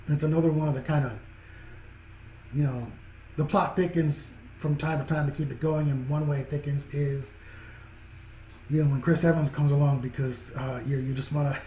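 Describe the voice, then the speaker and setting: A man's voice: fairly high pitch, warm tone. A man giving a casual spoken film review, rambling and restarting his phrases. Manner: rambling, repeats and restarts phrases, chuckles often. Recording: echoey room with faint background noise.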